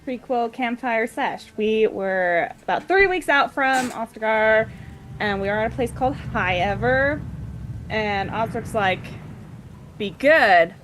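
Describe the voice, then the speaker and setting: A woman's voice: a little high, animated, a little slow, a bit bright. A woman casually recapping a tabletop game session, chatty and giggly, briefly acting out the party members' lines. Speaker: player recapping the previous session.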